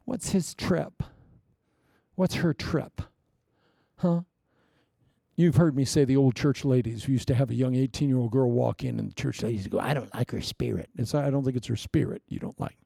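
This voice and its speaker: A middle-aged man preaching a sermon as pastor, mixing jokes and asides, swinging from loud to hushed. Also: mid-range voice, normal speed, gravelly, no echo, studio quality.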